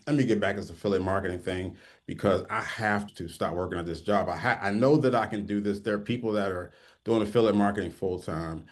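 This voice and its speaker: Deep-voiced man telling his story. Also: fast talker. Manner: conversational, keeps adding "okay?" at ends of points. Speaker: online marketing teacher. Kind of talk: personal story told to camera.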